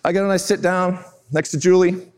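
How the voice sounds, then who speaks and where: A man in his fifties giving a storytelling talk to business leaders, animated and self-mocking as he acts out scenes. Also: high voice, a little fast. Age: 50s. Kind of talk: keynote-style storytelling talk.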